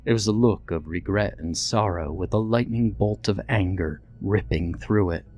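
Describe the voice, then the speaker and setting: A man narrating a story in a reflective, steady storytelling manner. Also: sits low, moderate pace. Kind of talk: scripted horror story narration. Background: faint background music.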